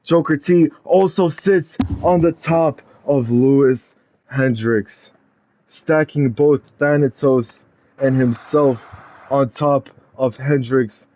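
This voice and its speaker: A man narrating a wrestling video game storyline in a dramatic play-by-play style, building to loud climaxes. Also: medium pitch, slow pace, slight background noise.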